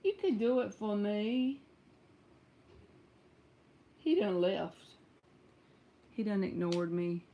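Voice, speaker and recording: A woman's voice: mid-range voice, animated, slow pace, long pauses, muffled recording. Chatty Southern woman reading tarot live. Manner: chatty, talks straight to viewers. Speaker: tarot reader. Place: at home.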